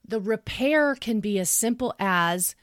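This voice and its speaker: A woman's voice: mid-range voice, animated, unhurried, no echo. Earnest woman explaining parenting, dry close sound. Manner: earnest, explanatory, acts out what she would say to her son. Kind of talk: conversational podcast talk.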